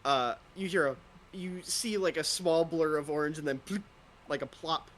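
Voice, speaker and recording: A man's voice: a little high, moderate pace, fairly bright tone. A man narrating as a tabletop game master in a loose, rambling way.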